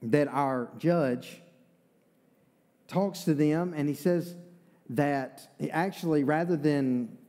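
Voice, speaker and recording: Folksy Eastern North Carolina preacher. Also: male voice, a little high, slow pace, pauses often, mellow. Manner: folksy, conversational preaching with asides. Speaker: pastor. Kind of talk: sermon. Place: church sanctuary. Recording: long reverb of a church hall.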